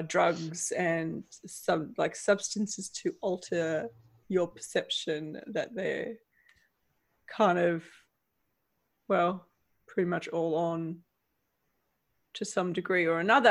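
A woman co-hosting a casual book discussion, retelling the story with lively feeling and laughing often. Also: on the low side, vocal fry. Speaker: podcast co-host.

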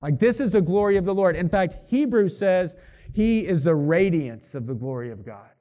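A man preaching in a loose, conversational way, filling his talk with "like" and quick self-corrections as he reads passages aloud. His voice sits a little high but has a mellow, warm tone. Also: expressive. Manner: casual, chatty, full of "like" and self-corrections. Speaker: pastor. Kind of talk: sermon with scripture reading.

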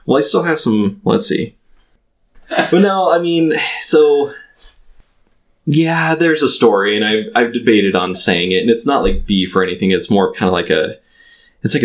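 A man in his thirties tells a personal story as a guest in a relaxed conversation. His voice sits low, with a gravelly, creaky edge. He speaks haltingly, stopping and restarting often and filling the gaps with "like.". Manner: halting, full of "like" fillers and restarts. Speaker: podcast guest. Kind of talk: casual storytelling in a chat.

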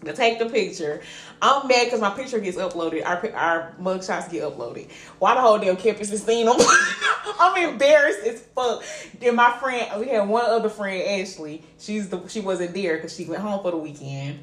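A young woman podcast co-host, telling an animated, profane story in casual chat and laughing often. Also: mid-range voice, moderate pace. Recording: echoey room with faint ambient noise.

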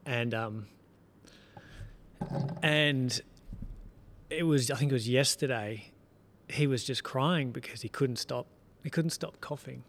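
A man's voice: medium pitch, a little hiss or hum. A man speaking as a lifestyle coach guest on a podcast, telling stories bluntly and with energy, swearing freely. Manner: animated, blunt storyteller who swears freely. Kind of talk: casual podcast chat.

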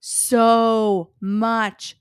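A young woman co-hosting a casual chat podcast, telling a story with lively acted-out reactions. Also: a little high, drawn-out words, clear, resonant tone, dry recording, clean studio sound. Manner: animated storytelling, acts out her own reactions. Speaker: podcast co-host.

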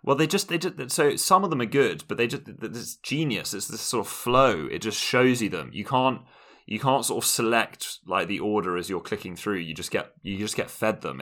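A man's voice: on the low side, lively intonation, moderate pace, fairly bright tone. A man co-hosting a podcast in casual chat, rambling through his points with restarts and wry asides. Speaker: podcast co-host.

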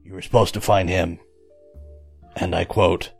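Crude joking man, gravelly and husky, lively delivery, faint music. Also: low voice, measured pace, long pauses. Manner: crude, joking, laughs often. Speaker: player, hard-boiled private eye. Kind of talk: comedic tabletop role-play.

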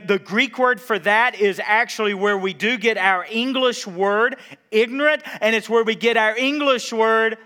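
A pastor with a voice that sits high preaches a sermon, posing questions to the congregation. He swings between loud emphasis and quiet, drawn-out words.

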